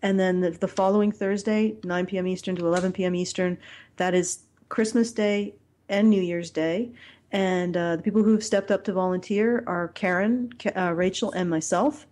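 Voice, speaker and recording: Woman host on a chatty podcast, mid pitch, rambles and trips over her words a lot. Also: fairly even intonation, a little mellow. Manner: rambling, halting, many fillers. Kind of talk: casual podcast chat.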